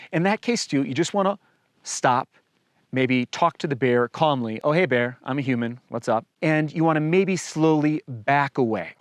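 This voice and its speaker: A man chats easily to camera with a mid-range voice, giving practical outdoor safety advice. His delivery is relaxed and conversational, with a touch of dry humour. The recording is close and dry, with no room sound. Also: medium pitch, no echo. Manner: relaxed, conversational, lightly joking. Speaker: outdoor guide and vlogger. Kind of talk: casual explanatory talk to camera.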